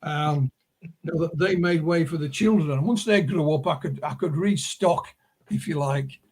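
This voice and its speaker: A man in middle age talks as an interview guest, winding through stories full of asides. His voice sits a little high and has a husky edge. He sounds casual and anecdotal rather than scripted. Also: moderate pace, darkish tone. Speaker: author and publisher guest. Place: remote interview call.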